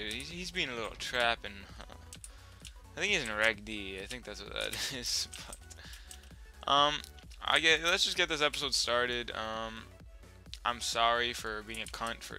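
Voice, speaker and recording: A young man talks through his gameplay in a casual, foul-mouthed way, his voice very bright and edgy. His pitch sits in a normal middle range, and he bursts into loud yells at bad moments. Faint music plays underneath. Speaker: gaming channel host. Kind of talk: gameplay commentary.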